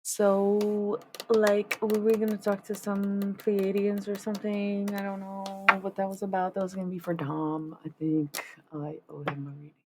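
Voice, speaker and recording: A woman streamer chatting casually, rambling and swearing, swinging between loud and hushed. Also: mid-range voice, level tone, moderate pace, heavy background noise. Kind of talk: casual live-stream chat.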